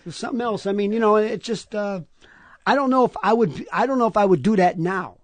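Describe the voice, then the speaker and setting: New man, high voice, animated storytelling, stammering restarts, dry close mic. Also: brisk, dry recording. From Staten Island, New York. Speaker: podcast guest, comedian. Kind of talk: storytelling in a casual interview.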